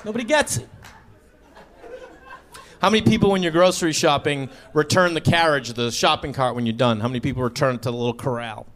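A man's voice: a little high, a little fast, fairly bright tone, some chatter behind. A man doing a stand-up set, telling stories and acting out both sides of his conversations. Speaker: stand-up comedian. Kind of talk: stand-up set before a live audience. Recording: stage recording with audience laughter.

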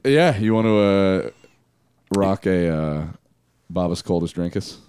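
A man chatting on a podcast in a lowish voice, rambling from one story to the next and laughing along the way. The sound is dry and close, with no room around it. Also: lively intonation, measured pace, a little mellow, clean tone, dry recording. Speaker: podcast co-host. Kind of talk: casual chat.

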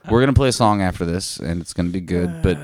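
A man's voice: deep voice, quick pace. A man co-hosting a podcast, joking in casual banter and swearing a lot. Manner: profane, joking, animated. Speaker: podcast co-host.

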